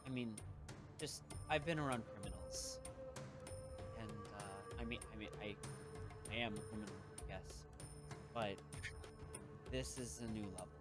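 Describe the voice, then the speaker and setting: A man voicing a wary grown woman traveler, a self-confessed criminal, who talks in a quiet, low, hesitant way. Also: normal speed, long pauses, over loud music, lightly acted. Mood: uneasy.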